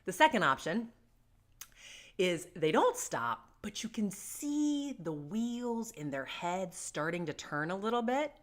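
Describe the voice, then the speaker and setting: A woman's voice: mid-range voice, sing-song, slow. A middle-aged woman giving casual parenting advice to camera, joking and self-deprecating as she tells stories. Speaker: parenting vlogger.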